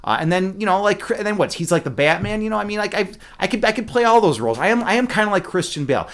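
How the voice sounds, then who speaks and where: A young man hosts a livestream in an easygoing, rambling way, swearing often and joking with viewers. His voice sits a little high and moves up and down a lot. He talks into a desk microphone. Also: lively intonation, fast, hardly any pauses. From Midwestern US. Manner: rambling, profane, joking with chat. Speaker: livestream host. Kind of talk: casual livestream chat.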